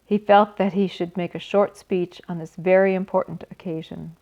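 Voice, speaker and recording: Gentle woman reading a storybook. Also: fairly low pitch, moderate pace. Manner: gentle and expressive, with asides to listeners. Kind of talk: reading a children's book aloud. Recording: slightly dull recording.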